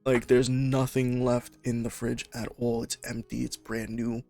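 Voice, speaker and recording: A man's voice: mid-range voice, little pitch movement, a little slow, creaky, darkish tone, soft background music. A man hosting a casual chat, swearing freely and acting out quotes as he retells scenes. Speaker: podcast host.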